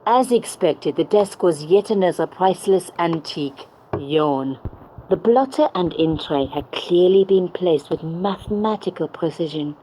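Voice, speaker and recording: A woman's voice: fairly low pitch, a little slow, mellow, slight background noise, close to an everyday voice, rough recording. A woman voicing a young female game heroine, narrating with dry, sardonic asides.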